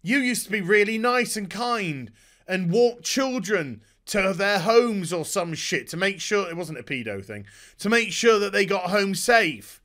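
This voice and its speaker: A man's voice: high voice, lively intonation, measured pace, a bit bright. A man giving a profane, sarcastic rant about a TV show. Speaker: YouTube TV reviewer. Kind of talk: ranting TV review.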